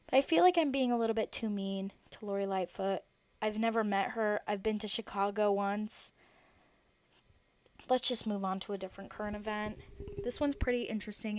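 A woman's voice: fairly high pitch, dry recording. A woman of twenty hosting her own podcast, chatting in a rambling, jokey way. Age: 20s. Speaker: podcast host. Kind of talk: casual solo podcast chat.

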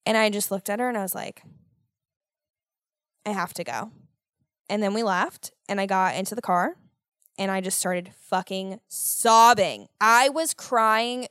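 A young American woman hosting a podcast, telling a story in a casual, animated way with lots of swearing and exasperated ranting. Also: medium pitch, normal speed, dry recording, studio quality. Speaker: podcast host.

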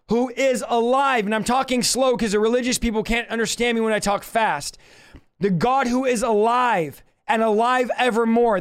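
Fiery high-voiced preacher shouting. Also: male voice. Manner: shouting, passionate, fast bursts. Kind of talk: fiery sermon.

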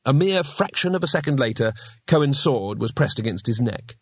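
A man narrating a fantasy audiobook in a measured, steady way. His pitch sits in the middle range, and the recording is dry and close with no room echo. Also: husky. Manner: measured, storytelling. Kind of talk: scripted narration.

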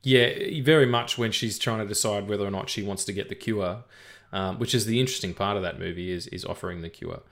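A man's voice: lowish voice, brisk, creaky, a bit bright. A man in his thirties co-hosting a casual film podcast, rambling with many fillers and swearing. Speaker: podcast co-host.

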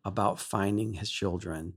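A male worship leader, a guest on a talk show, telling an emotional story in an animated way and laughing often. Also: low voice, unhurried, gravelly, breathy edge.

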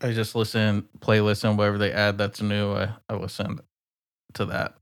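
A man co-hosting a casual podcast, laughing and swearing, relaxed and rambling. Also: lowish voice, normal speed. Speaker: podcast co-host. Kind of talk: casual comedic chat.

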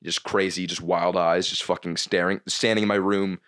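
A young man, a stand-up comedian, chatting casually on a podcast, rambling and halting with many restarts and curses. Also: low voice, flat delivery, a bit bright, smooth.

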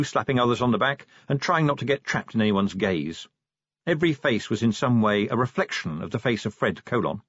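Man, audiobook narration, wry, husky, lively pitch, dull dry recording. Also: no echo.

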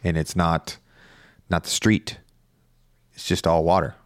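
A man's voice: deep voice, flat delivery, measured pace, dry recording, clean studio sound. A man co-hosting a podcast, talking loosely and casually with some swearing, telling a long story. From Northern California. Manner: rambling storyteller, laid-back and profane. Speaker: podcast co-host. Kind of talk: casual chat.

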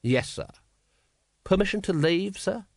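A man voicing a weary, dogged male watch captain with flat, wooden official replies in an audiobook. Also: sits high, measured pace, gravelly, no room sound, studio quality, voice pushed up, exaggerated voice. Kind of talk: audiobook character voice.

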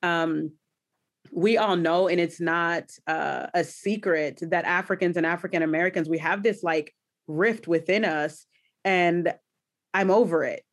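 A woman hosting an interview in a casual, expressive, chatty way, full of affectionate interjections. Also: on the low side, measured pace. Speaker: host.

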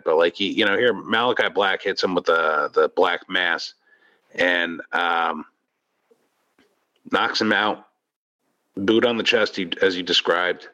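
A man's voice: deep voice, bright, forceful tone. A man co-hosting a casual wrestling podcast, rambling and filling his sentences with "like" and "um". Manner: rambling, filler-heavy, restarts sentences. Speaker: podcast co-host. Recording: dull lo-fi sound.

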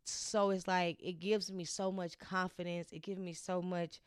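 Young woman, podcast host, casual heartfelt chat, lots of fillers, very clear voice, dry sound. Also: fairly low pitch, level tone, unhurried, no room sound. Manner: heartfelt, chatty, many fillers and restarts.

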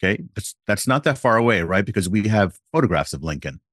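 A man with a fairly low voice speaks in a relaxed podcast conversation. He takes his time and works through each point with a playful what-if scenario. The sound is dry, with no room around it. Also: no room sound. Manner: deliberate, explains with playful hypothetical examples.

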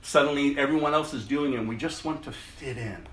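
Guy preaching casual style, bright tone, swings loud to hushed, roomy echo. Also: fairly quick, slight background noise. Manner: animated, swings from loud emphasis to hushed low tones. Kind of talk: casual sermon with scripture reading.

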